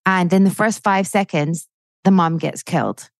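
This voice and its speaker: A woman's voice: fairly low pitch, normal speed, gravelly, dry recording. A woman in her forties, a comedian chatting as a podcast guest, swearing freely and ranting with rising energy. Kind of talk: casual chat.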